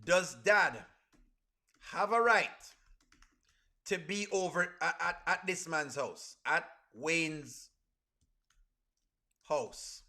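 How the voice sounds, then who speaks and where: A man's voice: fairly high pitch, extremely slow, pauses often, pushed and bright. A man with a Jamaican accent giving casual live reaction commentary. He throws rhetorical questions at his chat and uses creole grammar. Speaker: reaction streamer.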